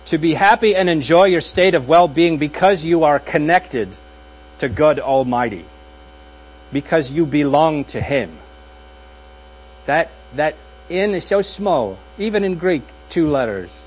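A man's voice: a little high, expressive. Wry preaching man, dull hum-tinged audio. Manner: conversational and wry, with dry jokes and pauses. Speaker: pastor. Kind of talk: sermon.

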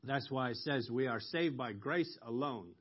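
A man preaching a sermon, explaining scripture slowly with pauses and ums, rising sharply when he quotes a cry for mercy. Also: medium pitch, breathy edge. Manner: slow, explanatory, with ums and emphatic rises on quoted cries. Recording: dull lo-fi recording.

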